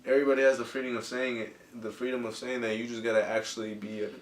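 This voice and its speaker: A man hosting a podcast, talking loose and easy and circling back over his own points. His voice sits at a medium pitch and sounds a little distant in an echoey room. Music plays quietly behind him. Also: little pitch movement, fast talker. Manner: laid-back, repeats himself, heavy slang. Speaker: podcast host. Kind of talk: casual chat.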